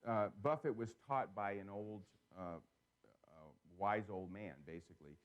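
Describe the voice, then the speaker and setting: A man giving a seminar talk to a live audience, telling stories in an animated way and putting questions to the crowd. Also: on the low side, a little slow, muffled recording. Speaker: seminar speaker.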